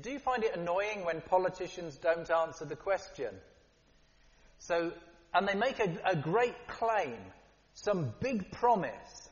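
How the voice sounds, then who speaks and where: Man preaching in an echoing hall. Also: on the high side. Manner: lively and conversational, with playful asides. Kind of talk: sermon. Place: church hall. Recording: dull, long-reverb church hall.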